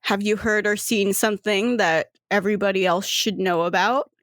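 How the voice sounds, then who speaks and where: A woman voicing a calm, stern young woman who questions people quietly and teasingly in a tabletop role-play. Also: fairly high pitch, slow pace, no echo, clean studio sound. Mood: calm probing. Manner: soft-spoken, probing, lightly teasing.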